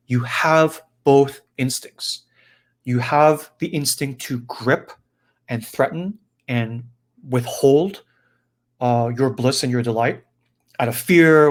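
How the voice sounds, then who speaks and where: Man, spiritual teacher, conversational, animated, middle pitch. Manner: animated, conversational, often asks "right?". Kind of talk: reflective spiritual talk on a folktale.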